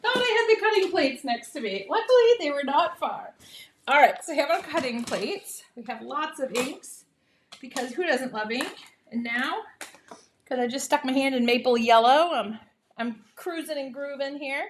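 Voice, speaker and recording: A woman's voice: high voice, expressive, moderate pace, a little hiss or hum. A woman hosting a live papercraft demonstration from her home craft room, chatty and upbeat, laughing often and cheering herself on. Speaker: papercraft host.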